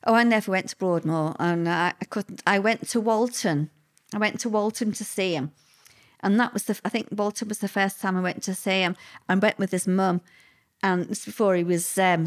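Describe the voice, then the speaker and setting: A woman speaks in an interview, recounting past events in a plain-spoken, vivid way. Her voice sits at an ordinary middle pitch for a woman. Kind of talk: personal recollection in an interview.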